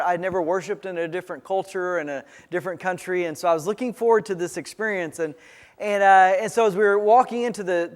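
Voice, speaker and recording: A male pastor preaching a sermon, telling a personal story in a halting way, full of restarts and fillers. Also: high voice. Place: church sanctuary. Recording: church sanctuary with long reverb.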